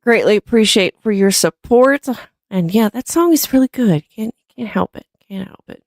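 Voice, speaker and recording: A woman's voice: medium pitch, lively intonation, normal speed, creaky, no room sound, clean studio sound. Chatty woman hosting a stream. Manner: chatty, thanks supporters, laughs easily. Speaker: live stream host. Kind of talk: casual live stream chat.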